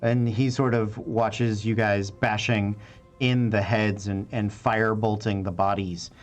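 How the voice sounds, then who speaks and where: Brief: unhurried male game master with a lowish voice, narrating haltingly with many pauses. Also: fairly even intonation, soft background music. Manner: halting, many fillers and restarts.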